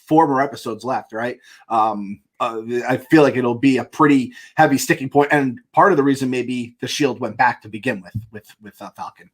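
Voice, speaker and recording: A man's voice: mid-range voice, normal speed, hardly any pauses. A man co-hosting a casual podcast, reacting loosely with fillers, restarts and laughter. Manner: rambling, many fillers and restarts, laughs often. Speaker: podcast co-host. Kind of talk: casual chat.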